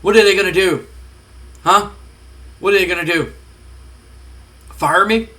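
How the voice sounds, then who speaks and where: A man's voice: sits high, unhurried, sharp tone. A man voicing a cocky, defiant male pro wrestler who boasts and taunts in a heated rant. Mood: taunting.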